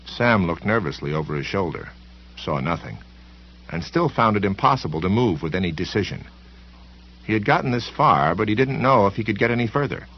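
A man reading a novel aloud as a narrator, in a measured, expressive way. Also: fairly low pitch. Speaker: audiobook narrator. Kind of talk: scripted narration. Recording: dull lo-fi recording.

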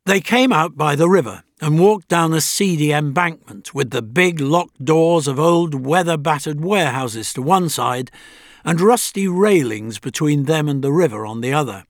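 A man reading a story aloud in a measured, dramatic narrating style. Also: a little high, no room sound, clean studio sound. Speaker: audiobook narrator. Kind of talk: scripted narration.

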